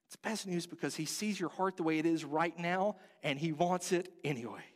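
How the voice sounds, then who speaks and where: A man's voice: a little high, moderate pace, big-room sound. A man preaching a sermon as pastor, earnest and conversational, asking the congregation direct questions. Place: church sanctuary.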